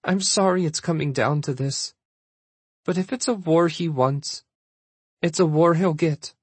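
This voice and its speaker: A man voicing a defiant young shifter princess in an audiobook, talking firmly with a husky voice. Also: on the high side, unhurried, no echo. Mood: resolute. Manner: firm, defiant, rising to outrage. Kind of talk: audiobook character voice.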